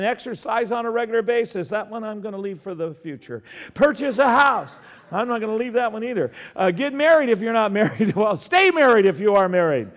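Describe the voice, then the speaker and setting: High-voiced pastor preaching in a reverberant hall. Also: male voice. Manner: earnest, calls out to the congregation. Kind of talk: sermon.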